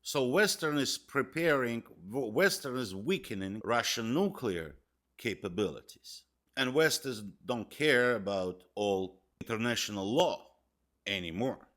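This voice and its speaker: A man's voice: mid-range voice, lively intonation, a little slow, a bit bright. A man giving a political commentary monologue, emphatic and hammering key words, speaking in broken English phrasing.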